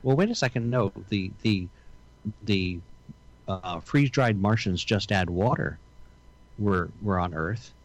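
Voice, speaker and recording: A man in his sixties in casual banter, trading wry, quick comebacks. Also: lowish voice.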